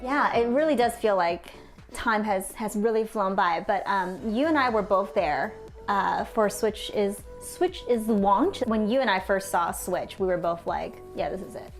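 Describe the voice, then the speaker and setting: A woman's voice: mid-range voice, measured pace. Young woman, casual chat, enthusiastic, lots of fillers, faint music.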